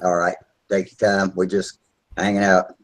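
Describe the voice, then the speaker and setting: A man hosting a live video hangout from home, talking in a relaxed, rambling way with plenty of filler words over a video call. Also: low voice, moderate pace, poor audio. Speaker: host of a model airplane video hangout. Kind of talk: casual live chat.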